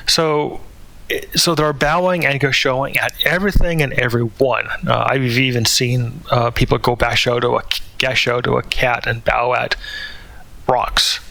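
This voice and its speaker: A man's voice: mid-range voice, creaky, bright, forceful tone. A man talking through a spoken commentary in a hesitant way, with many fillers and restarts. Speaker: channel host.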